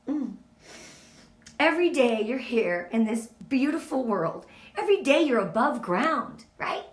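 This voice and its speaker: A woman's voice: fairly high pitch, animated, unhurried, roomy sound. A middle-aged woman leading a casual motivational talk for her team, earnest and openly emotional, speaking straight to the group.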